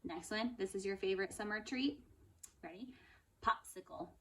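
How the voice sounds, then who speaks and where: A woman first-grade teacher giving an upbeat, encouraging phonics lesson, stretching out words slowly to clap their syllables. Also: mid-range voice, pushed and bright, far from the mic. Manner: slow, drawn-out word modelling, clapping out syllables. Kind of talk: recorded phonics lesson for young pupils. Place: indoors at home. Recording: voice a bit off-mic.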